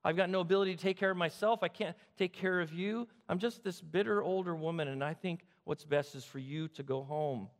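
Preacher putting on a broken older widow, higher voice, insistent, in a reverby hall. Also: female voice, brisk, few pauses, lightly acted. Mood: despairing.

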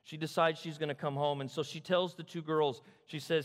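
A man from the Sacramento area preaching a sermon, retelling the story with animated repetition. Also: on the high side, brisk, long reverb tail. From Sacramento area, California. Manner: animated storytelling, repeats phrases. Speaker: pastor.

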